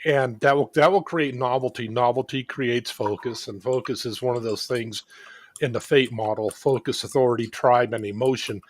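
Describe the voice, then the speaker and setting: A man's voice: mid-range voice, fairly even intonation, moderate pace. A man hosting a recovery chat, explaining ideas at length while he thinks aloud. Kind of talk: casual recovery group chat.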